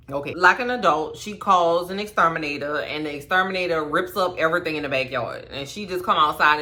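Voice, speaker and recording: A young woman recapping a TV episode in casual, profane, animated chat. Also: mid-range voice. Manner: animated, profane, sassy storytelling. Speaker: commentary host.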